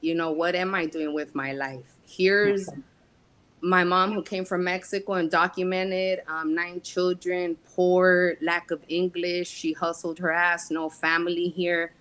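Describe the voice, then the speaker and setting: Frank woman with a low voice. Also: fairly even intonation, fairly bright tone, low-quality recording. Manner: frank, streetwise slang, halting pauses. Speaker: guest, casting company founder. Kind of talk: candid personal storytelling in interview.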